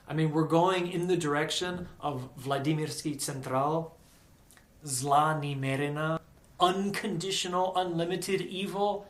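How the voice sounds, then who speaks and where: A man telling a personal story in a casual, animated vlog, peppered with "like". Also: on the high side, roomy sound. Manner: animated, chatty, lots of "like".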